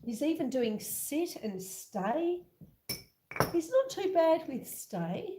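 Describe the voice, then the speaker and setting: A woman hosting a casual home livestream, chatting slowly with viewers and reading out their comments. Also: high-pitched, very animated, roomy sound, background noise. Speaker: livestream host. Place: home kitchen. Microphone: computer webcam.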